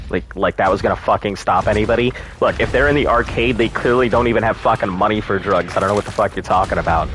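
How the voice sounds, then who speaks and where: A man's voice: lowish voice, fairly bright tone, a little hiss or hum. A man streaming a game live, chatting casually with viewers, joking and swearing freely. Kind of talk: casual live-stream chat while gaming.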